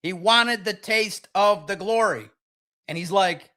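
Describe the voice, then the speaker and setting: Live-stream sports host, male, slightly high voice, animated and sarcastic, reads chat aloud. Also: takes it slowly.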